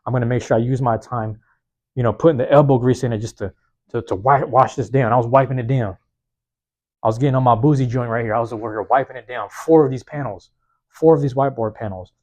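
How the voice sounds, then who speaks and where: A man with an ordinary, mid-pitched voice gives a solo motivational talk for his podcast, loose and slangy, coming back to the same phrases again and again. His voice is a little hoarse. He speaks into a phone microphone in a small university back room. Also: fairly even intonation, fast, darkish tone. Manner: casual slangy talk, repeats key phrases for emphasis. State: slightly hoarse. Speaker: podcast host. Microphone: plug-in microphone on a phone.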